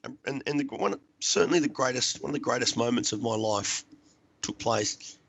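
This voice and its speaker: A man's voice: mid-range voice, animated, normal speed, gravelly, fairly bright tone, slightly rough. An Australian man, a podcast guest, tells his life story bluntly and emphatically, swearing often and dropping in "mate" and "right?". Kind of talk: personal storytelling.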